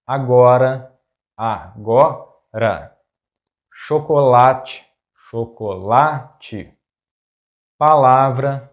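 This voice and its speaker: A man's voice: mid-range voice, a little mellow. A man with a Brazilian Portuguese accent teaching a language lesson, carefully repeating example words.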